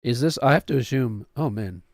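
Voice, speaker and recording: A man's voice: medium pitch, expressive, brisk, no room sound, clean studio sound. A man in his thirties, a streamer who chats casually in a rambling, wry, self-mocking way. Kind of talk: casual chat.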